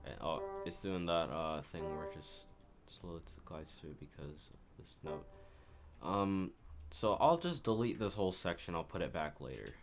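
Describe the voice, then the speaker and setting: A man's voice: deep voice, lively intonation, normal speed, over music. A man casually talks through his own composition as he works on it, rambling and correcting himself as he goes. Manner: rambling, self-correcting, talks while working. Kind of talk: casual screen-share commentary.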